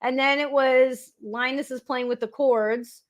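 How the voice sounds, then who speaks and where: A woman's voice: sits high, steady tone, a little slow, no echo, dull audio. A woman co-hosting a casual livestream, playful and teasing. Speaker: co-host.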